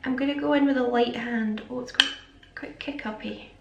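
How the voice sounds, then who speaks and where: A woman's voice: fairly high pitch, steady tone, moderate pace, vocal fry, highs cut off, heavy background noise. Chatty woman, echoey room. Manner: rambling, chatty, self-aware. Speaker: beauty vlogger. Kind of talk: chatty makeup tutorial. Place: home makeup setup. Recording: echoey room with faint music.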